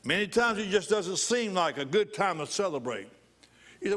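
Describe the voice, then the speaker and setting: A man's voice: high-pitched, very animated, normal speed, fairly bright tone. A male pastor preaching a sermon in church, repeating phrases for emphasis and bursting into laughter.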